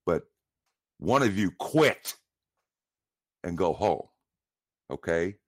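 Very deep, slow male caller. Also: big pitch swings, dry recording, clean studio sound. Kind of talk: call-in show talk.

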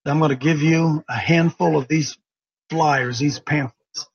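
A man's voice: a little high, fairly even intonation, unhurried, creaky. Earnest preachy talk show man. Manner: earnest, preachy, repeats himself. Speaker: radio talk show host. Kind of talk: casual storytelling. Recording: dull lo-fi sound.

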